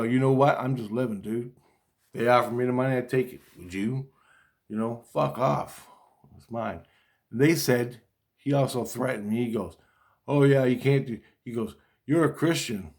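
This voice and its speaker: A man's voice: medium pitch, darkish tone. A middle-aged man rambling through a spiritual monologue, cursing casually, restarting his sentences and acting out quoted dialogue. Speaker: vlogger.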